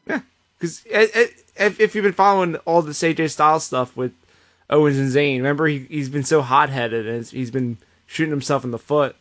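A man co-hosting a podcast, giving an animated casual recap with plenty of swearing. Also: fairly high pitch, a little fast. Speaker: podcast co-host. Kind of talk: casual chat.

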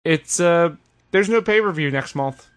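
A man hosting a casual podcast, recapping events in an animated, sarcastic way. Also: a little high, measured pace. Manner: animated, sarcastic retelling with put-on voices. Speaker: podcast host. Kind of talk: casual wrestling recap chat.

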